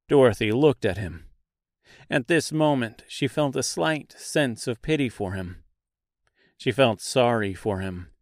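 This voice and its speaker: A man narrating a fantasy audiobook in a measured storytelling manner. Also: medium pitch, no echo, clean studio sound. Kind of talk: scripted narration.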